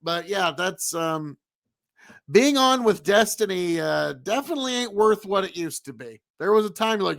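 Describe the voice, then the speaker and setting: Guy streaming live, chatting off the cuff and reacting to chat, kinda high voice, rambles and repeats stuff for emphasis. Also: expressive, normal speed, vocal fry, fairly bright tone.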